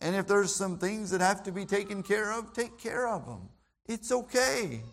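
A man's voice: sits high, lively intonation, moderate pace, creaky, a bit bright. A man preaching a sermon in an emphatic, repetitive way, often restarting his words.

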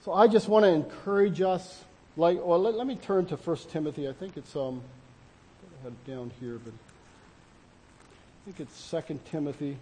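A man preaching a sermon with a voice a little higher than most men's. He is earnest and halting, restarting his sentences and filling gaps with "you know" as he reaches for his words. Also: warm tone, slight background noise. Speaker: pastor.

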